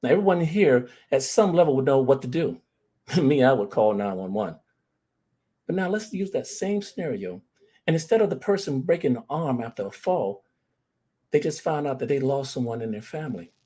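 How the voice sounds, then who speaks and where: A man's voice: medium pitch, expressive, moderate pace, mellow, husky. A man giving an earnest presentation on grief, telling personal stories and speaking to the audience as family. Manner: earnest, addresses the audience as "fam".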